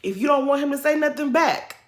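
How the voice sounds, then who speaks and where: A woman's voice: high-pitched, fairly quick, echoey room. A woman giving blunt, sassy commentary on a reality show in a casual recap.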